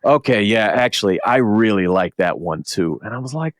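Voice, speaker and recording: Telling a lengthy story about a convention, the middle-aged host stays animated and curses often in relaxed conversation. He speaks a little fast in a lowish voice, and the studio sound is clean and echo-free.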